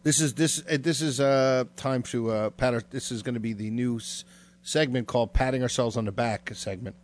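A man at middle pitch chats loosely on a podcast. His talk is full of fillers and stalls, and he drifts from one thought to the next. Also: steady tone. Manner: rambling, filler-heavy, drawn-out. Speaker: podcast co-host. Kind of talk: casual podcast banter.

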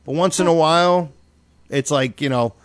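A man's voice: on the high side, moderate pace, no room sound. A man hosting a podcast, joking loosely and swearing freely in crude casual banter. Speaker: podcast host.

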